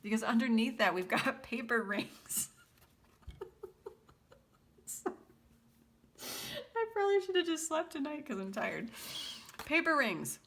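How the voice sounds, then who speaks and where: A woman's voice: on the high side, big pitch swings, slow pace, pauses often, fairly bright tone. A woman doing a casual tarot reading for her viewers, chatty and prone to fits of laughter. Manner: giggly, chatty, breaks into laughter often; reads song lyrics aloud in a half-sung lilt. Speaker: tarot reader.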